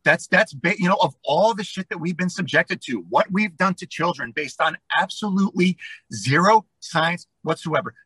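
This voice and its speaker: A man's voice: high voice, animated, normal speed, a bit bright, husky, dry recording, low-quality recording. A man on a podcast, talking casually and ranting with strong opinions, with plenty of fillers.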